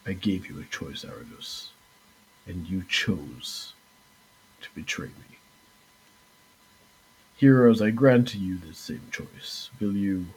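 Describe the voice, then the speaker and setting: A man voicing a villainous male inventor who defies the gods, speaking slowly and gravely. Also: sits low, a little mellow, slight background noise, voice pushed down, full character voice, poor audio.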